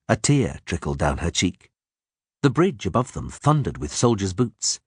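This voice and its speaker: A man narrating an audiobook in a lively, dramatic reading style. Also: deep voice, moderate pace, slightly rough, dry recording, clean studio sound. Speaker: audiobook reader.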